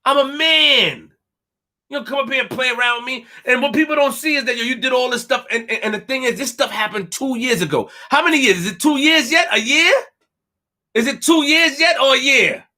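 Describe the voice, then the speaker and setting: Very high-pitched and brisk, this man's bright, forceful voice carries his animated live stream commentary. He talks emphatically, repeats himself, and addresses the chat directly.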